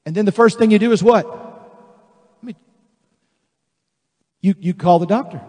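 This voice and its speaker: A male pastor preaching a sermon, animated and emphatic, acting out voices of the people he describes. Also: high voice, a little slow, in a large hall. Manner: animated, acts out quoted voices, builds to emphatic declarations.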